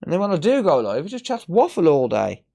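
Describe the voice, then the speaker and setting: A man's voice: a little high, huge pitch swings, fast, vocal fry, mellow. Bloke bantering on his repair stream, cheeky and a bit sweary, voice bounces up and down a lot. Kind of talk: casual live-stream chat.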